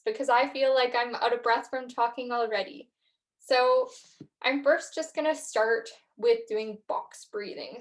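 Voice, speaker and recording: A young woman hosting a podcast, talking gently through reflection and a guided breathing practice, with frequent fillers. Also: on the high side. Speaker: podcast host. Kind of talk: guided mindfulness talk.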